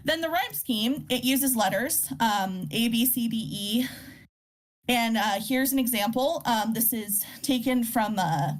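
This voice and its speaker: A woman's voice: fairly high pitch, measured pace. A woman hosting a casual poetry workshop, explaining terms with many fillers and restarts and reading poems aloud. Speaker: workshop host teaching poetry. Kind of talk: informal live lesson.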